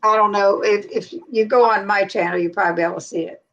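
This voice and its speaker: A woman from North Carolina hosts a casual livestream chat. She talks freely and laughs easily, in a relaxed, everyday tone. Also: mid-range voice, quick pace, muffled recording. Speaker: livestream host.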